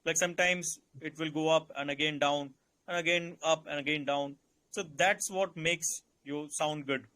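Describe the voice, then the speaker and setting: A man with an Indian English accent giving calm, instructive interview advice and repeating his key points. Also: fairly high pitch, moderate pace. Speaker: interview coach. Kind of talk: advisory Q&A session.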